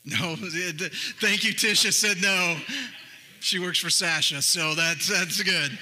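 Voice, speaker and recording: A man's voice: high-pitched, slow, sharp tone, a little hiss or hum. A man preaching a sermon to his church, with a Texas accent, moving between conversational talk and emphatic appeals. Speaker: pastor. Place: church sanctuary.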